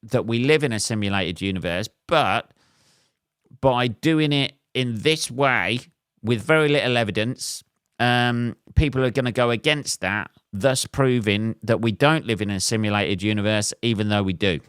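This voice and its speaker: Rambling, wry English podcast host. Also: male voice, medium pitch, normal speed, a bit bright, clean tone, no room sound, clean studio sound. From England. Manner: rambling, self-mocking, wry asides and frequent ums. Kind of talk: solo rambling podcast monologue.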